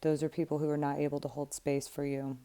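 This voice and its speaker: A middle-aged woman speaks as a coach in a candid, emphatic way. Her voice sits low and sounds mellow and relaxed. She talks plainly and is not shy about an occasional curse. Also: fast, smooth. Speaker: life coach. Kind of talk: casual direct-to-camera talk.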